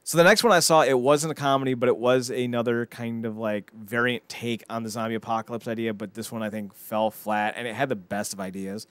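Male podcast co-host, mid-pitched, dry close mic, animated rambling storyteller who stumbles over words. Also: a little fast, hardly any pauses, smooth, no room sound. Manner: animated storyteller, mocking voices for quoted characters, frequent repeated words. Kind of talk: casual podcast chat.

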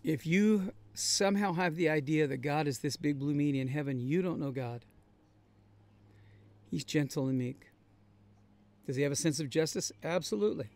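A man with a fairly high voice preaches to his congregation. He talks in an earnest, conversational way and leans on repetition to make his points land. His tone stays steady and plain throughout the sermon. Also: moderate pace, long pauses. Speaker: pastor. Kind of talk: sermon-style Bible study. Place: traveling, on the road.

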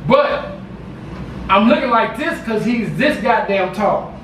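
A man telling a story to camera in a casual, slangy, animated way, repeating himself. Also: high-pitched, slow pace, roomy sound, a little hiss or hum. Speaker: vlogger. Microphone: camera mic.

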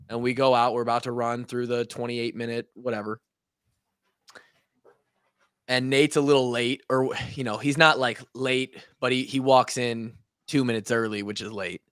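Animated young man telling a locker-room story. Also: medium pitch, clear, resonant tone, no echo, studio quality. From Iowa. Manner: animated storyteller, acts out quotes, swears. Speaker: podcast host, former player. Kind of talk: casual storytelling chat.

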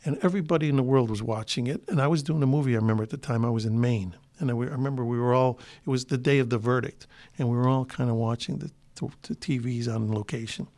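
A man's voice: mid-range voice, fast talker, a little mellow. An older man, a guest in an interview, telling long rambling anecdotes full of restarts. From Chicago. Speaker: guest actor. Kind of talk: relaxed interview storytelling.

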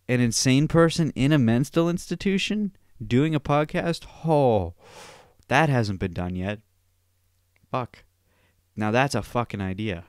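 A young man hosts a solo podcast, ranting and spinning rambling, profane stories with lots of animation. His voice is lowish and smooth, recorded clean in a studio with no echo.

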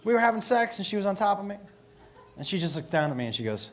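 Male stand-up comic, very high voice, loud and profane, middle-aged, comedy club. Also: fast, very noisy. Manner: loud, animated, profane storytelling. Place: comedy club stage before a live audience.

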